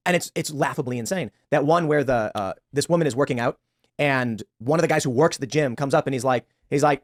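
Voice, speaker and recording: Fast-talking argumentative podcast man. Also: mid-range voice. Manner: fast, argumentative, acts out quotes. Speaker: podcast guest. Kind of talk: podcast debate.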